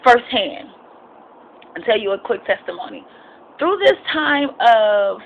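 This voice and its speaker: A young woman with a fairly high voice gives an informal sermon mixed with personal testimony. Her delivery is expressive and impassioned, rambling and restarting, punctuated with amens. Faint noise sits in the background. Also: poor audio. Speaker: Christian vlogger sharing a devotional.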